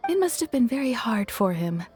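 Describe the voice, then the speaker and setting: A gentle, loving wife and mother from a video game, with a slightly high voice. She speaks softly, politely and tenderly over faint background music. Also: very animated, a little fast. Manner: soft-spoken, polite, tender.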